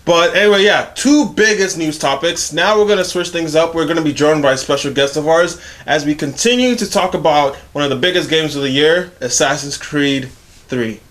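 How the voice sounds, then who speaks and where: A man's voice: on the high side, normal speed, fairly bright tone. A young man co-hosting a gaming news show in casual, enthusiastic chat, often saying "you know".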